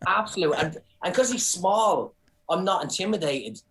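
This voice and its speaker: A man's voice: high-pitched, normal speed, rough recording. Irish man telling stories animatedly. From Ireland. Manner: animated storyteller, many restarts. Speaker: guest comedian and actor. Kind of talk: casual podcast chat.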